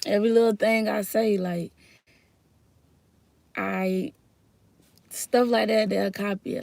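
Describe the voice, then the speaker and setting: A young woman from Florida with a Southern accent, chatting casually to her viewers in a rambling, heartfelt way that swings from soft murmurs to loud bursts. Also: mid-range voice, fairly even intonation, takes it slowly, vocal fry, pauses often, no room sound. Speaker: vlogger. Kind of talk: casual chat to camera.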